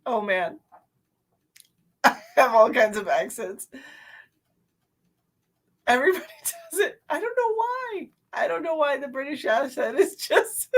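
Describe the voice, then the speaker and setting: A woman's voice: high voice, sing-song, takes it slowly, pauses often. A middle-aged woman hosting a live stream as a psychic medium, chatting casually and laughing often.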